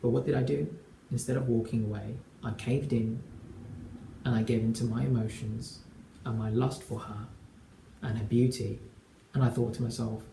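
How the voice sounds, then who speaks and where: Earnest gravelly young man in an echoey room. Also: medium pitch, steady tone, moderate pace, long pauses, dark tone, a little hiss or hum. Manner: earnest and emphatic, acts out quoted dialogue. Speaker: relationship coach. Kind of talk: personal storytelling to camera.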